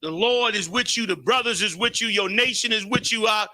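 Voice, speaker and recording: A man with a very high, sharply bright voice leads a live talk show. He talks with preacherly fervor and calls out to the room with loud, energetic shout-outs. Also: a little fast. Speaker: show host.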